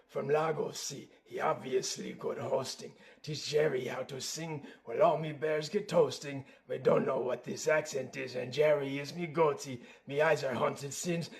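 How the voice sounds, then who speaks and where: A man's voice: on the high side, vocal fry. A man voicing a swaggering male cartoon bear, rapping and singing in a put-on accent. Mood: boastful. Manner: rhythmic rap delivery in a put-on accent. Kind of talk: sung and rapped musical number.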